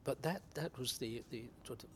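An older man from England's West Country, an actor guest reminiscing in unhurried anecdotes about his career. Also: mid-range voice, a little hiss or hum. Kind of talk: reminiscing interview.

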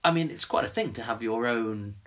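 A man's voice: mid-range voice, lively intonation, brisk, fairly bright tone. A man hosting a podcast interview, asking questions and explaining context for listeners. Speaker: podcast host.

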